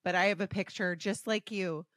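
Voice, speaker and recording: A woman's voice: mid-range voice, fairly even intonation, normal speed, a bit bright, no echo. A woman hosting a podcast interview, talking in an emotional and eager way. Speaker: podcast host.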